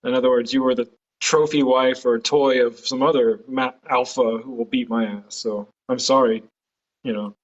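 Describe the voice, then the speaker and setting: A man's voice: medium pitch, fairly even intonation, moderate pace. Rambling man on a dull-sounding mic. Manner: rambling, hesitant, swears casually. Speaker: podcast host. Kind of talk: casual chat.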